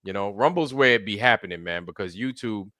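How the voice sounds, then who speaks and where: Lowish yet bright, this man's forceful voice has lively intonation and a fairly quick pace as he hosts a casual live stream. He runs through a slangy roll call, greeting each viewer by name in turn.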